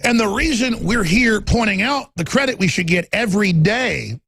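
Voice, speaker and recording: A man's voice: high-pitched, expressive, normal speed, creaky, a bit bright, a little hiss or hum. A middle-aged man hosting a talk radio show, ranting heatedly about politics in a studio, repeating words and acting out quotes.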